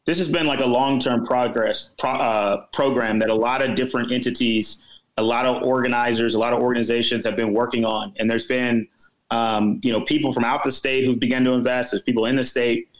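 A man from Houston, Texas, guest on a political podcast, talking in a casual, animated and emphatic way. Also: mid-range voice, fairly quick, low-quality recording.

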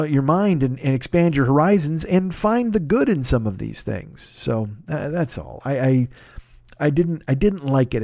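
A man's voice: a little high, darkish tone, no echo, studio quality. A man in his fifties hosting a casual solo podcast, rambling and swearing freely with self-mocking asides. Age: 50s. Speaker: podcast host.

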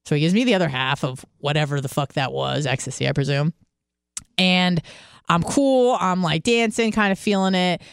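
A young woman telling a story in casual podcast chat, animated and swearing, acting out the people in it. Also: fairly low pitch, moderate pace, creaky, smooth, no echo, studio quality. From California. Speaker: podcast guest.

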